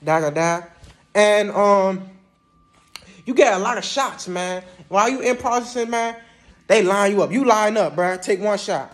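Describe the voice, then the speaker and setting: Young dude with a pretty high voice, chill slangy storytelling straight to the camera. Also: male voice, normal speed. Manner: slangy, laid-back, sprinkles "man" and "bruh". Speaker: vlogger recounting Army basic training.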